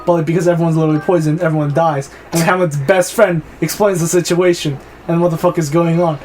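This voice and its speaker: A man's voice: on the high side, fairly even intonation, fast, a little mellow, soft background music, poor audio. A young man co-hosting a gaming video, rambling through a profane retelling in casual chat with a sore throat. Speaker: co-host of a gaming channel.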